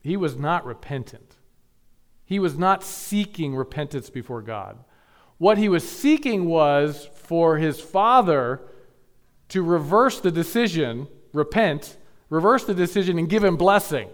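A male pastor preaching a sermon, building to emphatic peaks and dropping to quiet asides. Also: on the high side, animated, measured pace, long pauses.

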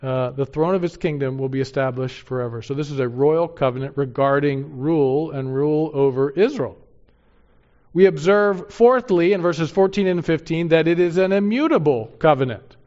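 A man teaching through a Bible passage verse by verse. He reads scripture aloud slowly and with emphasis, and asks his listeners rhetorical questions. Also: a little high, darkish tone, highs cut off.

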